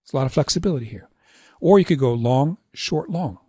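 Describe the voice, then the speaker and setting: A middle-aged man lecturing on poetic meter, reciting verse lines and tapping out syllable rhythms in a relaxed, conversational way. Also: mid-range voice, normal speed, husky, no echo, clean studio sound. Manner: relaxed, conversational asides with fillers.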